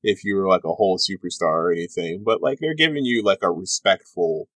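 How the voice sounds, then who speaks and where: A man's voice: sits low, a little fast, a bit bright, no room sound. A young man narrating a tabletop game as game master, rambling and full of fillers.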